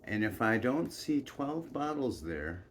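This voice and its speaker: A man voicing a boisterous, bossy chieftain who barks out orders in a gruff, loud manner. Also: mid-range voice, sing-song, takes it slowly, slight background noise.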